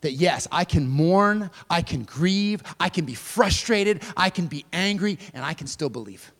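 High-voiced preacher in a big echoing hall. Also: male voice, lively intonation, a little slow. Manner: swings between loud emphatic preaching and soft hushed passages; speaks straight to listeners as "friend" and "y'all". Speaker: pastor. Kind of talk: sermon.

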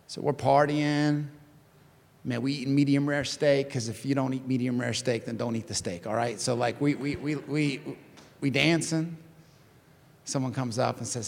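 Animated gravelly-voiced man preaching. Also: medium pitch, normal speed, big-room sound. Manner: animated, conversational, repeats phrases. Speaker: pastor. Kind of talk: sermon.

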